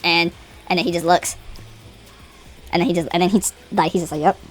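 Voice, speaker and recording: A woman's voice: lowish voice, fairly even intonation, fairly quick. Brief: casual female storyteller, rambling and dramatic, faint music bed. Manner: rambling, with many restarts and dramatic asides.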